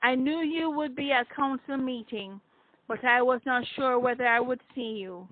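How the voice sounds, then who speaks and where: A woman voicing a gentle, earnest man back from another world, speaking calmly and formally. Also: high-pitched, normal speed, dry recording. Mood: tender. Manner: calm, formal speech. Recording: tinny phone-like dry sound.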